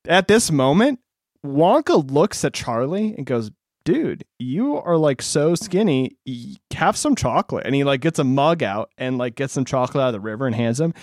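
A man's voice: mid-range voice, dry recording, clean studio sound. A young adult man co-hosting a podcast, chatty and laughing often in casual talk. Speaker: podcast co-host. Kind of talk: casual chat.

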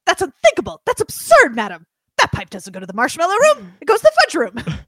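A woman putting on an eccentric male candy maker who is loud, haughty and mock-indignant. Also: very high-pitched, huge pitch swings, brisk, no echo, studio quality, voice pushed up, heavily acted.

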